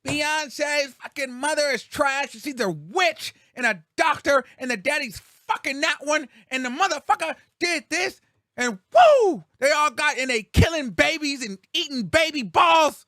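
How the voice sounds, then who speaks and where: A man doing an impression of a furious, foul-mouthed woman gossip broadcaster, ranting and shouting crude accusations. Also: extremely high pitch, animated, unhurried, dry recording, studio quality, pitched above the performer's own voice, exaggerated voice.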